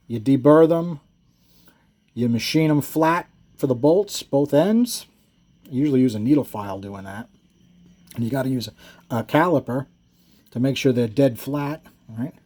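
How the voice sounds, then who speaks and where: A husky-voiced man with a dark, mellow tone talks through engine builds in a relaxed, wandering way. He doubles back to fix his own details and chuckles at his memories. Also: mid-range voice. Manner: rambling, self-correcting, chuckles often. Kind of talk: casual shop talk and storytelling.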